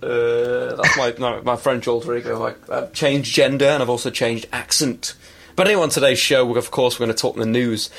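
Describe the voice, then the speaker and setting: A man's voice: medium pitch, fairly even intonation, moderate pace, vocal fry, very noisy. A man hosting a casual football podcast, talking in a chatty, opinionated way. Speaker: podcast host.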